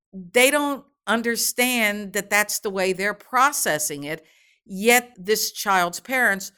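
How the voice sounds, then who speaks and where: A middle-aged woman answering interview questions in a gentle, measured, explanatory way, as a guest expert on children and grief. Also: mid-range voice, clean tone.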